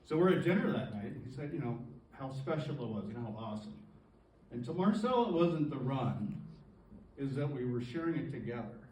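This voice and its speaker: A man presenting an award with a halting, emotional tribute speech, pausing to clear his throat as he gets choked up. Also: mid-range voice, sing-song, darkish tone. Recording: roomy distant recording with faint ambience.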